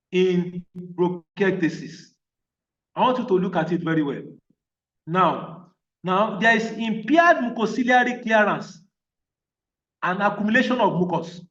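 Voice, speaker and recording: A man's voice: sits high, a bit bright, far from the mic, dull audio. A man teaching a physiotherapy training class, emphatic and repeatedly checking that the class is following. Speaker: physiotherapy lecturer. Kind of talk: online training lecture.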